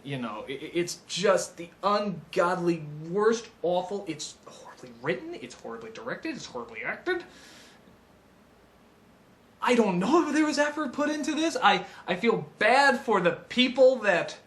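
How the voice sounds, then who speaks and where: Excitable ranting man with a bright voice. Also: measured pace. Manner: excitable, swings from shouted outbursts to low mutters, stammers and restarts. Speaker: film reviewer. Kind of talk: impassioned unscripted rant.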